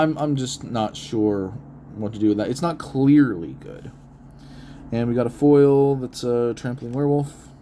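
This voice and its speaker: A man in an easygoing, unscripted monologue, reading card text aloud and then musing over it, laughing now and then. His voice sits at an ordinary middle pitch. A faint hiss runs under the recording. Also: warm tone. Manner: chatty, reads card text aloud and muses, laughs often. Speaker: card-opening video host. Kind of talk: unedited casual commentary.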